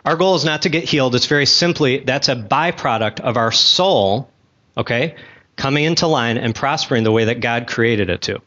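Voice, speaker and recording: A man's voice: medium pitch, pushed and bright, muffled recording. A man teaching a Bible class in a conversational way, asking the class questions and making asides, talking with gum in his mouth.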